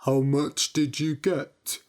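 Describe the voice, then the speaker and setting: Woman doing a dopey big brother, slow plodding voice, a bit low. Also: level tone, darkish tone. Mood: dull. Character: dim-witted older brother, a grown man.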